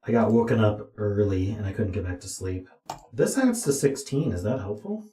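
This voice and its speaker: A man's voice: lowish voice, lively intonation, normal speed, dark tone, a little hiss or hum. A tired man streaming himself as he thinks aloud through a puzzle, muttering to himself with dry asides. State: tired, yawning. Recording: roomy echo.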